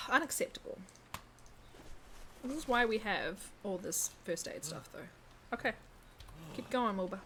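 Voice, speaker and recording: A woman's voice: medium pitch, expressive, a little slow, long pauses, fairly bright tone, slight background noise. Chatty, joking woman streamer. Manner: chatty, joking, talks with her mouth full. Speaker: live streamer. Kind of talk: casual live-stream chat while gaming.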